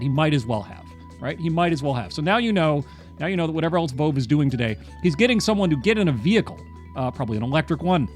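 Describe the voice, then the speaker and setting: A man chatting casually on a livestream while doing crosswords, rambling and wry, with lots of "uh" and repeated phrases. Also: on the high side.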